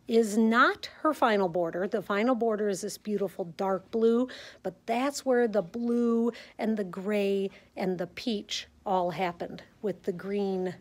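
A woman with a Midwestern American accent, a quilting teacher chatting casually as she walks viewers through a classroom show of quilts. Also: mid-range voice. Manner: chatty, enthusiastic, talks to viewers while filming. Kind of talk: casual show-and-tell walkthrough. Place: sewing center classroom.

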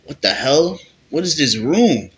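A man's voice: a little high, animated, a little slow, voice pushed up. A man doing a brash, hot-tempered young guy. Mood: astonished. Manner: exclaiming, swears a lot.

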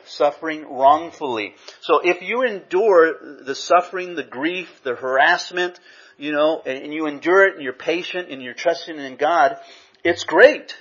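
Husky-voiced pastor telling stories. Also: male voice, mid-range voice, a bit bright. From Southern California. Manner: conversational, frequent "you know" asides. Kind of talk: sermon with personal storytelling. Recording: dull lo-fi recording.

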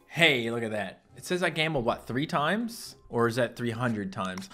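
Excitable young man playing a game, bright voice. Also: mid-range voice, normal speed, hardly any pauses. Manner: excitable, jokey, swings between mumbling and yelling. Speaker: gaming YouTuber. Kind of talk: casual let's-play commentary. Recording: faint game music behind.

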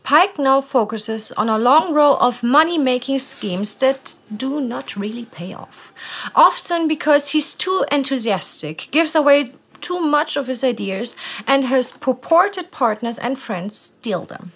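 A woman co-narrating a history documentary in a lively, playful storytelling way. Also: high-pitched, unhurried, slightly rough.

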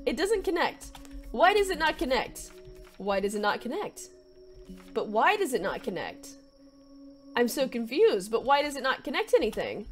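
A young woman commenting excitedly on a video game she plays, laughing often and shrieking a character's name. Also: sits high. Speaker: gaming video creator. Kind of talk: let's play commentary.

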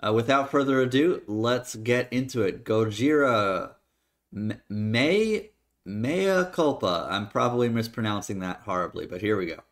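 A man who composes, talking casually as he reacts to a song for his channel, relaxed and plain-spoken with some hesitations. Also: on the low side, moderate pace, hardly any pauses. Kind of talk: casual reaction video talk. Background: faint music.

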